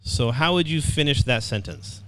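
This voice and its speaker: A man's voice: mid-range voice, animated, moderate pace, a bit bright, smooth. A man teaching an online English writing class, upbeat, repeating words and often checking in with "okay".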